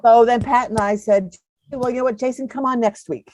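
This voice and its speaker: A woman's voice: fairly high pitch, fairly even intonation, brisk, darkish tone, slight background noise. A woman in her seventies, a podcast guest, telling stories in a chatty way and laughing often. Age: 70s. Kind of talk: casual interview chat.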